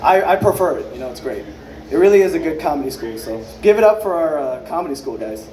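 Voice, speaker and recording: A man in his thirties, working as a stand-up comedian, does an unrehearsed set on a comedy club stage before a live audience, rambling loosely, swearing heavily and acting out other people's lines. His voice is fairly high, expressive and fast. The echoey club room is noisy with the crowd and their laughter.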